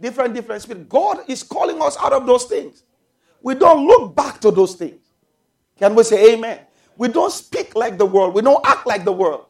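A man preaching a sermon to his congregation, calling for amens and shouting out drawn-out phrases. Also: very high-pitched, lively intonation. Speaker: pastor.

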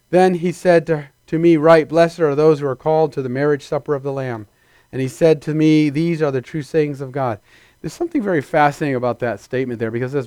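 A man's voice: on the high side, a little mellow, no room sound. A man preaching a sermon to a congregation in a conversational, playful way, acting out little scenes in put-on voices. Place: church before a congregation.

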